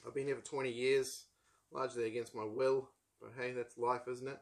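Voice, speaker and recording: A man's voice: mid-range voice, little pitch movement, brisk, creaky. Rambling wry New Zealand man. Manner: rambling, wry, lots of ums and asides. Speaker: book channel host. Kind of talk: casual book haul chat.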